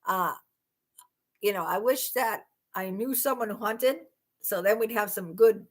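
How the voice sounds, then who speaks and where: A woman's voice: medium pitch, measured pace. A woman hosting a casual livestream chat, rambling and exclaiming in disbelief. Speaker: livestream host.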